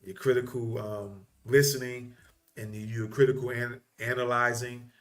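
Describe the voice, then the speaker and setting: A man's voice: mid-range voice, little pitch movement, a little slow. A man hosting a podcast, giving casual live reaction commentary and chatting while he thinks aloud. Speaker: podcast host.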